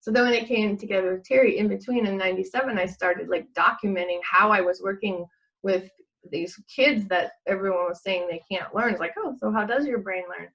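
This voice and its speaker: A woman's voice: mid-range voice, fairly quick, fairly bright tone, muffled recording. A middle-aged woman, a guest in a casual chat, telling a rambling story, laughing often and acting out what people said.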